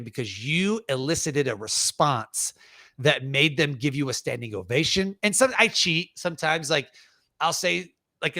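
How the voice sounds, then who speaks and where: Man, interview guest, energetic, acts out crowd moments, bright forceful tone. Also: fairly high pitch, no echo, clean studio sound. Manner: energetic, acts out audience scenes, says "like" a lot. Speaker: guest speaker. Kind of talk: casual interview storytelling.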